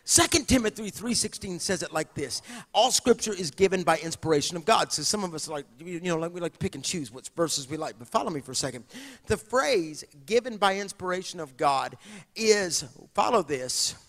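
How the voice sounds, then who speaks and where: A man preaching a sermon as pastor, swinging from hushed asides to shouted preaching. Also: sits high, lively intonation, moderate pace. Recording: long hall reverb.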